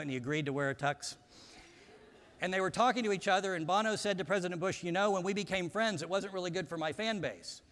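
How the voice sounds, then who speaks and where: Male speaker, slightly raised pitch, formal measured stage speech, long hall reverb. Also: fairly bright tone. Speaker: conference speaker introducing a panel. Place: large conference hall.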